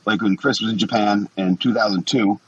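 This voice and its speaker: A lowish, husky male voice with a rough edge. He's in his forties and tells long, rambling stories with plenty of swearing. His delivery is blunt and unfiltered, like a podcast guest in loose conversation. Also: steady tone, fairly quick, fairly bright tone, lo-fi sound. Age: 40s. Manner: blunt, profane, rambling anecdotes. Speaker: guest, former pro wrestler. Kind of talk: casual storytelling interview.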